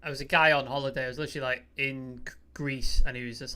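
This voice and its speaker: A man's voice: mid-range voice, steady tone, very fast, few pauses, bright, forceful tone. A man in casual chat, blunt and sweary in his banter. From Greater Manchester.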